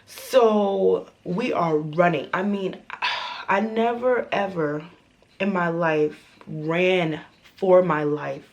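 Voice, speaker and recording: A young woman vlogger telling a storytime tale in a dramatic, profane, animated way. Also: lowish voice, slow pace, lo-fi sound. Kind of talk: storytime vlog.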